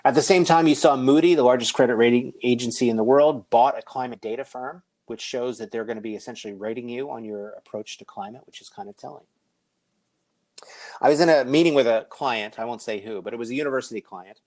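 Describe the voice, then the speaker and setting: A middle-aged man delivers a conference keynote in a medium-pitched, darkish voice at a quick pace. His presentation is conversational and sprinkled with joking asides.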